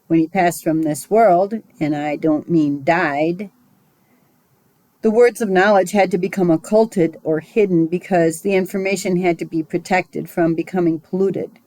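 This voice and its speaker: A woman teaches a spiritual class at a very unhurried pace, her voice sitting a little low. She talks in a measured, musing way and sometimes wanders into side thoughts. The sound is dry and close. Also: warm tone, dry recording, low-quality recording. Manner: slow, measured and musing, with small digressions. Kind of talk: recorded esoteric lesson.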